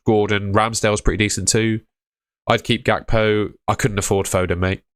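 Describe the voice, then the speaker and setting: Deep-voiced young man, casual stream host. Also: little pitch movement, moderate pace, fairly bright tone, dry recording, clean studio sound. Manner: offhand, matter-of-fact, calls viewers mate. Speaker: fantasy football livestream host. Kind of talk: casual livestream chat reading viewer questions.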